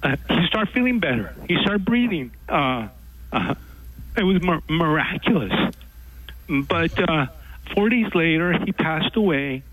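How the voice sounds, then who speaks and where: A man calling in to a radio show, telling a story in a halting way with many pauses and fillers. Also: on the high side, expressive, fairly bright tone, breathy edge, rough recording. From Texas. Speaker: caller. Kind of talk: call-in radio chat.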